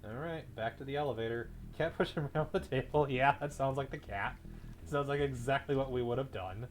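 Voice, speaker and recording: A man giving live gameplay commentary as a streamer, chatting with viewers at a desk mic and breaking into loud, excited yelling. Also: medium pitch, fairly quick, soft background music. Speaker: game streamer.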